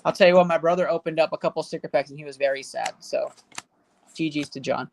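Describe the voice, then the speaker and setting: A woman's voice: deep voice, quick pace, vocal fry, darkish tone, slight background noise. A woman hosting a live stream, casually chatting with viewers and rattling off running number totals as she opens packs. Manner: rattles off running card value totals aloud; cheers and banters with chat viewers. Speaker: livestream host opening card packs.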